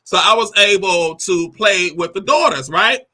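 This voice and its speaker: A woman in her forties, hosting her own show, tells a personal story in a sassy, animated way. She laughs often, acts out the quoted lines and calls the listener "honey" and "baby". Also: mid-range voice, measured pace, a little hiss or hum. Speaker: host. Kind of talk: candid personal storytelling monologue.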